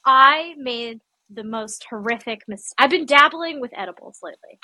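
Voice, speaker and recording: A woman's voice: high-pitched, animated, normal speed, bright, forceful tone, dry recording. A young woman chatting casually while packing in her apartment, telling dramatic, sarcastic stories. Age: young adult. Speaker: vlogger. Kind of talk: casual chat.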